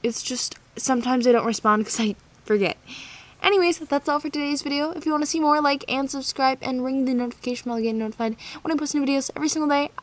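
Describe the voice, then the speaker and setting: This channel host's voice is high-pitched and quick, captured in a dry recording. She talks casually and sentimentally about fan art, gushing and letting out frequent sighs.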